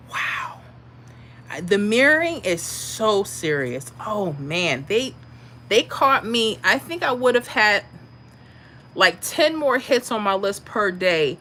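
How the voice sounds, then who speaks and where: A woman's voice: mid-range voice, a bit bright, slight background noise, rough recording. A woman from Florida, hosting a casual livestream and answering viewer comments. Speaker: livestream host.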